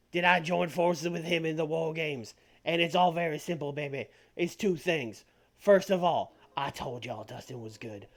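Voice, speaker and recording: A man's voice: on the high side, creaky, fairly bright tone. A man putting on an impression of a boastful old wrestling legend who drawls and keeps calling people baby. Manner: drawling, calls everyone baby.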